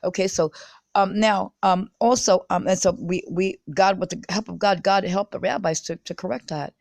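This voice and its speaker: A woman's voice: mid-range voice, steady tone, normal speed, creaky, a little mellow, no room sound. A woman talking straight to her viewers in a rambling monologue. She halts and restarts often, repeats words, and grows insistent and agitated. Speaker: self-published video speaker. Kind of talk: rambling direct-address monologue.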